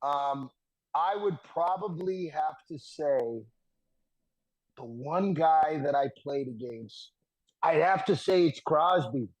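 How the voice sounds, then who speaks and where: Animated man telling a locker-room story. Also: a little high, slow, low-quality recording. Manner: animated, laughs through punchlines. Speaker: podcast guest, former hockey defenseman. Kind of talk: casual storytelling.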